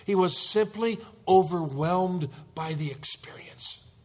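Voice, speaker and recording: This middle-aged man speaks high-pitched and slow while preaching a sermon as a pastor. He brings the story to life with animation and plays the part of panicked husbands.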